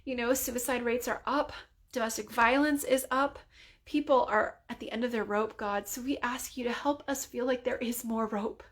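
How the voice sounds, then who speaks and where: A woman leading a spontaneous spoken prayer in an earnest, conversational way, full of casual fillers and sometimes dropping to a soft near-whisper. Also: fairly high pitch, fairly even intonation, normal speed. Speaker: prayer leader.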